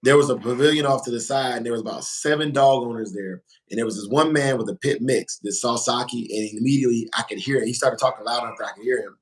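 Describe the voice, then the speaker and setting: A man's voice: mid-range voice, quick pace, few pauses, poor audio. A man hosting a casual livestream, talking in an emphatic, informal way and repeating phrases for emphasis. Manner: informal slangy speech. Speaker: livestream host.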